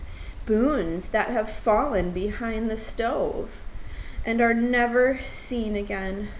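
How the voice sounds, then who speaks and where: A woman voicing a sad, gentle male owl from a children's storybook, speaking slowly and tearfully. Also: mid-range voice, very animated, roomy sound. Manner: slow, tearful reading. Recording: dull lo-fi audio with faint noise.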